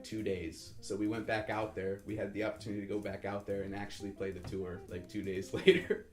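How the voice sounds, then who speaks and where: A musician in his 20s with a fairly low voice tells a wandering, casual story, correcting himself, backtracking, and imitating the voices of the people in it. His voice echoes noticeably in the room, and a guitar plays faintly behind him.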